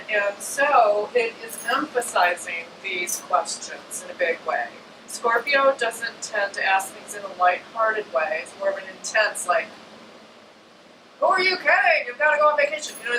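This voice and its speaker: A woman astrologer in an informal talk to a live audience, chatty and animated, often slipping into little acted-out voices. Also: medium pitch. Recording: echoey room, distant mic, air conditioning hum.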